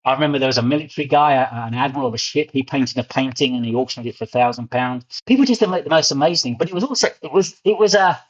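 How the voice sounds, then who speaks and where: Fast-talking London man telling stories. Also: mid-range voice. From England. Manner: animated storyteller, often repeats words. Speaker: guest. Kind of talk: storytelling interview. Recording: muffled lo-fi audio.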